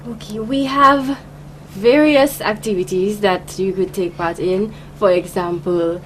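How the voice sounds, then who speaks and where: A woman's voice: mid-range voice, measured pace, poor audio. A woman in her early twenties, a pageant contestant from Saint Lucia, speaking shyly with hesitations. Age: 20s. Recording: faint hum behind.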